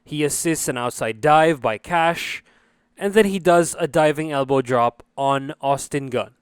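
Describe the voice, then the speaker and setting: Young male reviewer, a touch high, smooth and dry-miked, casual and foul-mouthed. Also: a little slow, no room sound. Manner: profane, filler-heavy, joking. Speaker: wrestling show reviewer. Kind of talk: casual recap commentary.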